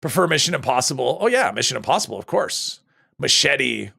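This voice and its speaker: A man's voice: mid-range voice, big pitch swings, fairly quick, gravelly, sharp tone, breathy edge. A man chatting casually on a live stream while he plays a game, reading chat and answering it, his voice strained and tired.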